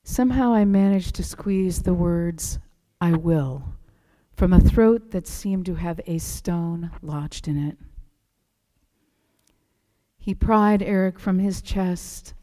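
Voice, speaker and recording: A woman preacher giving a sermon, telling a story in a soft, hushed manner that drops to a whisper. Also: lowish voice, steady tone, slow, in a large hall. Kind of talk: sermon with read-aloud story.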